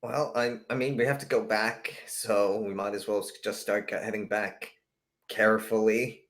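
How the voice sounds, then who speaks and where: A man's voice: fairly low pitch, fairly even intonation, normal speed, fairly bright tone. A man playing a tabletop game, joking and stammering through restarts. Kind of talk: casual game chat.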